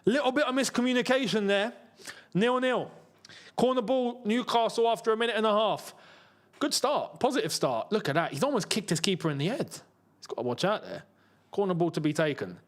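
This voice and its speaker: High-voiced excitable football watchalong host. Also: male voice, fairly quick. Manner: excitable, chatty, jumps to a high pitch when chances come. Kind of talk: live match watchalong commentary.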